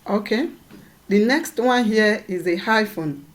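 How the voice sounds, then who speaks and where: A woman's voice: mid-range voice, slow pace. A woman teaching a lesson, patiently repeating points and checking that her students follow. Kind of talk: classroom lesson.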